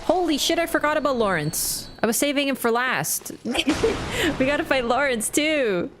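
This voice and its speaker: Excitable swearing woman streamer. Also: high-pitched, moderate pace, background noise. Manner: excitable, swears freely, bursts into laughter. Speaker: game streamer. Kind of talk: casual live-stream commentary while playing.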